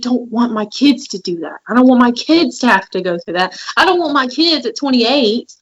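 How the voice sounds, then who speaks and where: A woman's voice: on the high side, lively intonation, normal speed, husky, dull audio. A woman co-hosting a podcast in casual chat, telling candid, emotional stories. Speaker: podcast co-host.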